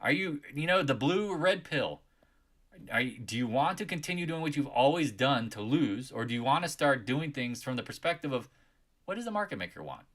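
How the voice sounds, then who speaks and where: A man's voice: mid-range voice, sing-song, a little fast, fairly bright tone. A man hosting a live market chat, scolding his viewers and raising his voice as he rants. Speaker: trading channel host.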